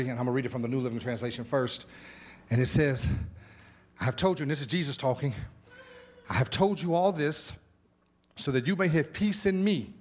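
A man preaching a sermon as pastor in a church, animated, with repeated words, exclamations and casual asides to the congregation. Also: mid-range voice. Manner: informal, conversational asides to the congregation. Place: church sanctuary.

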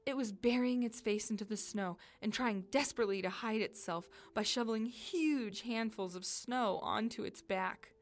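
A woman reading a children's story she wrote herself, telling it expressively with dramatic pauses. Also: mid-range voice.

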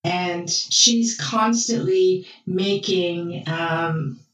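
A woman co-hosting a casual chat, telling a TV drama's plot in a relaxed way with many fillers. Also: lowish voice, very slow. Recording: echoey room, far from mic, faint music.

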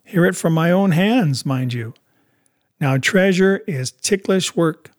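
A man's voice: on the high side, slow, voice pushed up. A man voicing a blunt, stern ship captain in an audiobook, speaking firmly and directly. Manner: firm, clipped and direct. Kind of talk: audiobook character reading.

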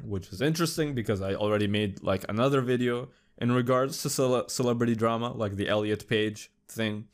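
A young man hosting a podcast, chatting casually in a loose, rambling way with lots of swearing. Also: mid-range voice. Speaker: podcast host. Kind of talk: casual solo commentary.

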